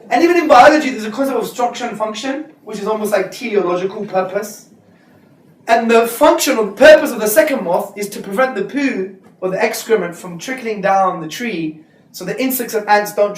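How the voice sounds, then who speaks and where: A man giving a lively, joking lecture to students, slipping into street slang. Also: sits high, slight background noise. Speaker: Islamic speaker. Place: lecture hall. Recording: echoey hall recorded from far off.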